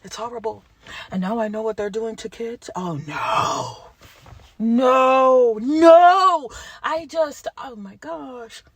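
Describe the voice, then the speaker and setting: A woman vlogger talking straight to the camera in an impassioned monologue, jumping from yelling to hushed tones. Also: on the high side, lively intonation, takes it slowly, no room sound.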